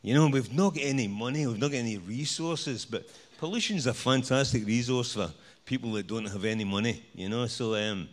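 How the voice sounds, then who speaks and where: A man's voice: medium pitch, a little fast. A man with a Scottish accent giving a live stage talk with slides, rambling and joking, full of "you know". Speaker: speaker at a presentation night.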